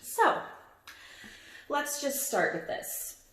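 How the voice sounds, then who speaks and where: Woman, phonics lesson, slow deliberate speech, exaggerated word sounds, echoey room. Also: high voice, big pitch swings, fairly bright tone, a little hiss or hum. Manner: encouraging, talks to young listeners. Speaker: teacher. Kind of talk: phonics lesson, reading a picture book aloud.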